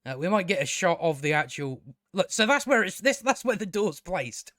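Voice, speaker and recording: A man talks through a casual review in a ranting, exasperated way and swears freely. His voice sits fairly high for a man. The sound is dry and close, with no room echo. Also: sing-song, moderate pace, fairly bright tone. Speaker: show reviewer.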